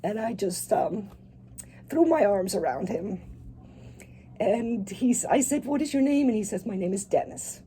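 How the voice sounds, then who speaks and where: A middle-aged woman, an author being interviewed on the radio, telling a personal story with animated quoted dialogue. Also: mid-range voice, measured pace, pauses often, slight background noise. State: tearful at moments.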